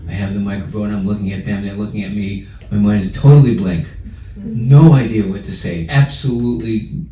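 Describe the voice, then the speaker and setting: Laughing, animated New storyteller. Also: male voice, lowish voice, a little fast, a little hiss or hum. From New York. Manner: animated, laughing often, acts out scenes. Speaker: spiritual speaker. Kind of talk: humorous storytelling talk. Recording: echoey room, far and dull.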